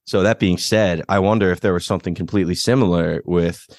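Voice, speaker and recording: Deep-voiced, rambling self-deprecating man. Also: steady tone, fast, a little mellow, no echo, studio quality. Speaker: podcast co-host. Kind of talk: casual chat.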